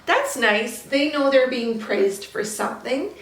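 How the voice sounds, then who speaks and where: A woman breeder explaining puppy training calmly, switching to high sing-song praise for the puppies. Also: a little slow, recorded from a distance. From Canada. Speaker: dog breeder. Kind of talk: casual training demonstration. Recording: echoey room, voice off-mic.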